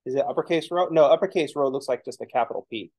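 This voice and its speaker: A man's voice: mid-range voice, quick pace, a little mellow. A man teaching a math lesson in a casual lecture style, explaining as he writes and slipping in joking, self-deprecating asides. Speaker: math instructor.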